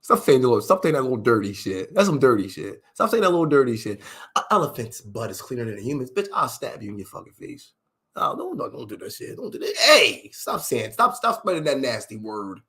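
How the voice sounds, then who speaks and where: A man delivering a profane, animated comedic rant on a livestream. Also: medium pitch, fast. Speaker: livestream host.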